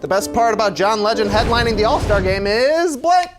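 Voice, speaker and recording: A man with a high, swooping voice reads punchy segment setups on a sports show. Music sits under his lines. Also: expressive, brisk. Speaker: segment presenter. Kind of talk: scripted segment reading.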